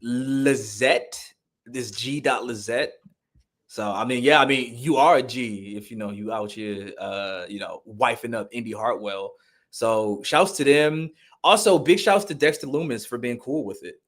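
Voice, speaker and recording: Excitable man riffing on wrestling. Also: medium pitch, a little slow. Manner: excitable, jokey, rambling with restarts and slang. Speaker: podcast co-host. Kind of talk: casual wrestling podcast chat.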